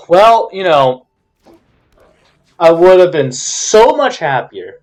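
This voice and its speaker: A man giving casual commentary over a card game match, frustrated, swinging between loud complaints and quiet muttered counting. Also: on the high side, sing-song, drawn-out words.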